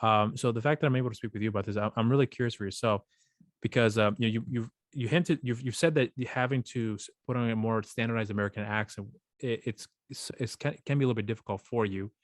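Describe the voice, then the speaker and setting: A man's voice: medium pitch, fast talker, dry recording, studio quality. A male podcast host asking long, rambling questions full of restarts. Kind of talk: casual interview.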